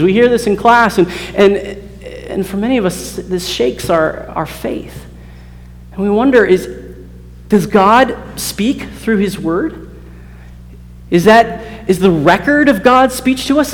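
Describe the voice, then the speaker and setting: Earnest guy giving a sermon to students, stops and restarts a lot, hall echo behind him. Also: high voice. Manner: earnest, many repeated starts, acts out quoted voices. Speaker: campus preacher. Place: college hall.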